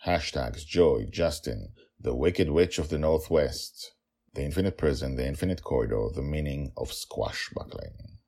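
A man narrating his own fantasy podcast, chatty and animated with plenty of "uh"s. His voice is extremely low and gravelly, and it rises and falls a lot. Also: measured pace.

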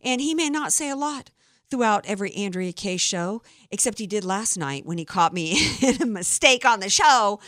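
A woman's voice: medium pitch, animated, normal speed, fairly bright tone, dry recording, clean studio sound. A woman hosting a political talk radio show, chatty and opinionated. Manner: opinionated, chatty, reads statements aloud.

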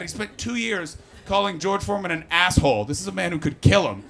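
Stand-up comic, man, bright, slightly high, teasing the crowd, profane. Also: expressive, brisk, vocal fry, faint music behind. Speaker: stand-up comedian. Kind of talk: stand-up comedy set. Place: comedy stage before a live audience.

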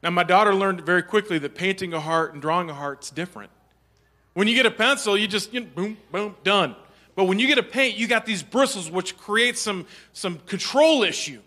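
A man telling a humorous family story to an audience, animated and playful. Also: high voice, a little fast. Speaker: speaker.

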